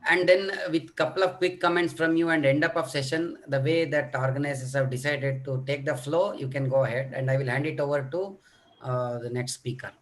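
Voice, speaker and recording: A man's voice: fairly high pitch, fairly even intonation, a little fast. A middle-aged man lecturing on children's coughs in an online medical workshop, demonstrating coughs and talking with many fillers. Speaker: pediatric lecturer.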